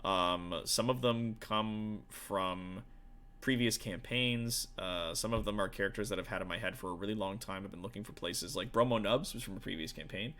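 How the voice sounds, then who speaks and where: Laid-back swearing game master. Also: male voice, fairly low pitch, moderate pace, fairly bright tone. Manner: rambling, profane, full of fillers. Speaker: game master streamer chatting with viewers. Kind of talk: casual stream chat.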